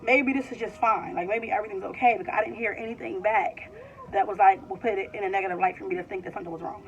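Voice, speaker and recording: A woman's voice: mid-range voice, fairly even intonation, fast, a little hiss or hum. A woman in her twenties casually telling a personal story, full of "like" and rambling restarts. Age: 20s. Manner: chatty, fills with "like", rambling restarts. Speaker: vlogger. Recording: slightly distant, dull lo-fi sound.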